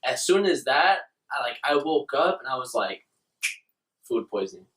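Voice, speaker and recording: A man's voice: medium pitch, lively intonation, moderate pace, a bit bright. A young man hosting a podcast, telling an embarrassing story in casual, profane chat with frequent laughs. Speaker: podcast host. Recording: roomy, distant mic.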